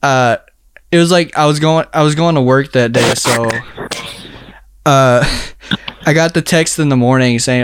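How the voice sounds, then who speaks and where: A young man talks in a loose, rambling way, piling up filler words and breaking into laughs. His voice is smooth and clean, recorded close and dry with no room sound. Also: mid-range voice, measured pace, dry recording. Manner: rambling, filler-heavy, laughs while telling a story. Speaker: storyteller in a casual chat. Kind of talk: casual chat.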